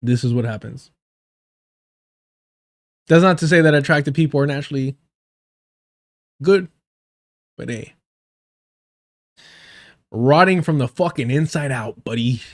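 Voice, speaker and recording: A man's voice: medium pitch, unhurried, long pauses. A young man hosting a live stream, ranting with heavy profanity and scorn. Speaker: livestream host.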